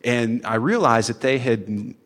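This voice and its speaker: A man's voice: mid-range voice, unhurried, a bit bright. A man, a father, telling a personal story on stage in a casual, chatty way, full of "like" fillers and acted-out quotes. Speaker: storyteller, father of three boys.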